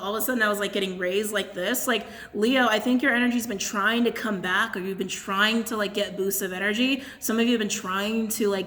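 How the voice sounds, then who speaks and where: A woman's voice: medium pitch, bright, forceful tone. A woman doing a casual channeled tarot and crystal reading to her camera, chatty and blunt, laughing often.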